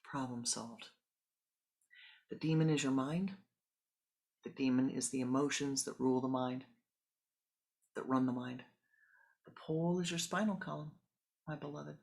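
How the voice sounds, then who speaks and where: A spiritual teacher giving a sermon, telling a parable calmly and guiding a meditation. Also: medium pitch, creaky. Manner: calm, measured storytelling with pauses.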